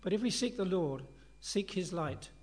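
Earnest and reflective, this preacher talks through a scripture passage with his congregation in an easygoing, conversational sermon. He speaks at an ordinary pace, his voice pitched slightly above the typical male range.

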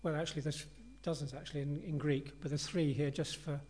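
A male preacher gives a sermon in a relaxed, conversational manner, earnest and reflective as he talks his congregation through a passage. His voice sits a little higher than most men's. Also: a little fast.

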